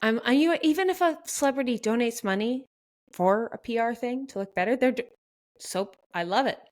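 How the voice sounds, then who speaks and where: A woman with a Canadian accent, co-hosting a podcast in quick, animated casual chat with frequent laughs. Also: on the high side. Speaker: podcast co-host.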